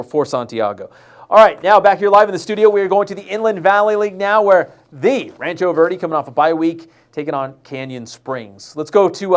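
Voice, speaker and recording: A man hosting a live studio show, talking over high school football highlights in a loose, chatty way and joking with his crew. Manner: loose and chatty, jokes with crew, stumbles on names.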